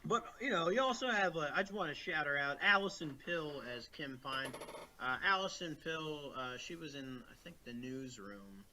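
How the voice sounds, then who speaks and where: A man's voice: fairly high pitch, animated, normal speed, sharp tone, a little hiss or hum. A man co-hosting a podcast, chatting casually about movies, rambling with lots of fillers and restarts over a remote call. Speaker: podcast co-host. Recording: remote call, poor audio.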